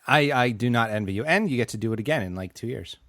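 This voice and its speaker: A man's voice: mid-range voice, animated, quick pace, a bit bright, no echo. A man in his thirties co-hosting a podcast, making dry, laid-back quips in casual chat. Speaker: podcast co-host.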